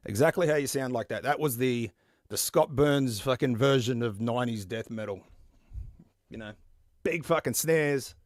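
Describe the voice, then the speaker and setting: A man in his forties hosting a stream, chatting casually and profanely in a rambling, animated way. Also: medium pitch, no room sound, clean studio sound. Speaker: podcast host. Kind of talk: casual chat about metal albums.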